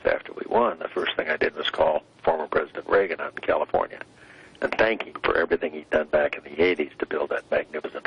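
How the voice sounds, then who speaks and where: An older man speaks in a deep, gravelly voice with a husky edge, trading on a slow, deliberate delivery broken by frequent hesitant pauses. The sound is dull and lo-fi, like a remote broadcast feed. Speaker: interview guest, former vice president. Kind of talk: broadcast interview commentary.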